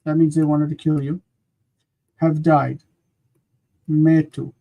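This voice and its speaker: A teacher hosting a live-streamed grammar lesson, explaining slowly and patiently with frequent pauses and repeating words aloud. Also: mid-range voice, flat delivery, gravelly, lo-fi sound.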